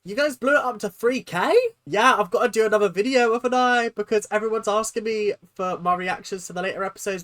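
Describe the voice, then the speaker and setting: A person hosting a comedic reaction video, incredulous and exaggerated, jumping between loud outbursts and low mutters, laughing and swearing casually. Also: quick pace. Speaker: reaction channel host.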